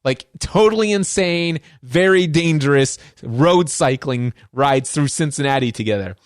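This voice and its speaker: A middle-aged man hosts his own podcast as a lively storyteller, stacking repeated words to drive points home. His voice sits a little high for a man. The recording is dry, with no room sound. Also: a little slow, no echo. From Northern Kentucky, USA. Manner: animated, piles up repeated words for emphasis. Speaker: podcast host and coach. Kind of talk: storytelling monologue.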